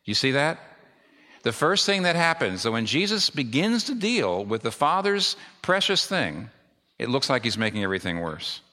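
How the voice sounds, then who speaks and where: A man's voice: medium pitch, sing-song, moderate pace, sharp tone. A middle-aged male pastor preaching a sermon with emphatic repetition. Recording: long reverb of a large hall.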